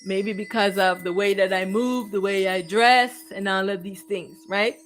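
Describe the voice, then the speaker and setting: A woman's voice: mid-range voice, steady tone, moderate pace, soft background music, poor audio. A woman giving a repetitive, declamatory spiritual monologue. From Jamaica. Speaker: spiritual teacher.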